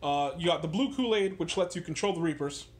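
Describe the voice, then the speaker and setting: A man's voice: on the high side, a little fast, natural voice. A man mocking a smug ghostly boy AI. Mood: lecturing. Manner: condescending, explaining.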